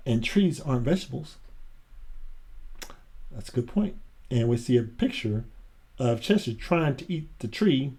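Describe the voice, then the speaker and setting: A man reads a children's picture book aloud in a relaxed, chatty way. He breaks off between pages to comment on the pictures. His voice is mellow and mid-pitched. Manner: chatty, adds asides and laughs between pages.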